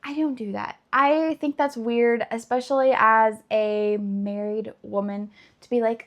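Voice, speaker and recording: A woman's voice: a little high, steady tone, normal speed, fairly bright tone. A young adult woman chatting casually and gushing about books she loves, with lots of "like". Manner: chatty, gushing, many likes. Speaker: book vlogger. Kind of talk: casual chat.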